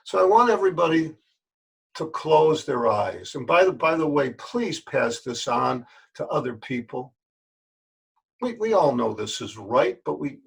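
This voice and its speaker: A man's voice: on the high side, creaky, husky. An older man, a yoga teacher, talking straight to his listeners in a folksy, earnest way and repeating words for emphasis. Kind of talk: spoken address to camera.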